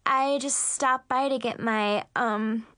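A fake-sweet, snobby teenage girl who gushes in a high, sugary, drawn-out voice, as a woman narrator puts her on. The sound is close and completely dry, with no room at all. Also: steady tone, a bit bright, smooth, no room sound. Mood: gushing.

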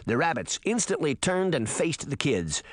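A man reading a storybook aloud with an expressive delivery. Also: a little high, normal speed. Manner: animated, expressive. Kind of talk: storybook narration.

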